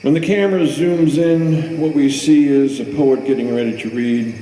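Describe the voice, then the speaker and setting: A man's voice: medium pitch, steady tone, moderate pace, warm tone. A man hosting a poetry event and reading a darkly comic story poem in a dry storytelling manner. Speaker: host and poet. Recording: echoey hall.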